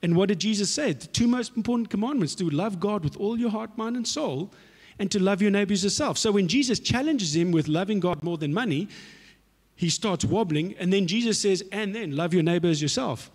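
Slangy preacher in a hall. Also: male voice, high-pitched, a little fast, breathy edge. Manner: animated storytelling, slangy and conversational. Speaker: pastor. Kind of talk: sermon. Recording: echoey hall reverb.

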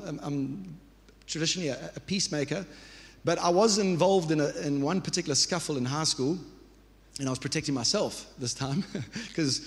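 A man in his thirties preaching a sermon as pastor, earnest and conversational, with restarts and repeated phrases. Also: a little high. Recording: reverberant church hall.

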